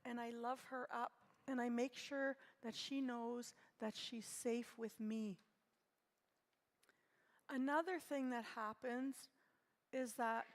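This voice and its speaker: A woman in her sixties telling a personal story at a conference in a gentle, reflective way. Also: a little high, fairly even intonation, slow, pauses often. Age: 60s. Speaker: conference speaker. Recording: long hall reverb.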